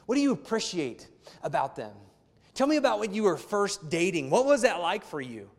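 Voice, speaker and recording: A man's voice: sits high, sing-song, moderate pace. A man in his thirties preaching a sermon as a pastor, conversational and weaving in personal family stories. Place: church hall. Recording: long hall reverb.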